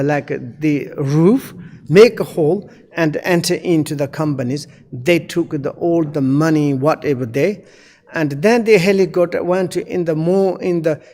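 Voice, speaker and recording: A man giving a Buddhist dharma teaching in halting, broken non-native phrasing. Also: fairly high pitch, darkish tone. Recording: long echoey reverb.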